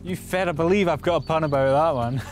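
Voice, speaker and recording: A man's voice: on the high side, fast. A young man presenting a Gaelic learning show, cracking puns in a playful, upbeat manner. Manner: punning, jokey, upbeat. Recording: music bed behind voice.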